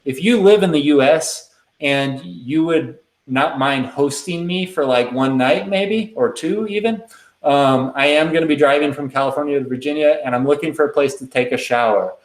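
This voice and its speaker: A man hosting a live question-and-answer stream, talking in a relaxed, rambling way with lots of ums. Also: fairly high pitch, normal speed, reverberant, rough recording. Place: indoors at a computer.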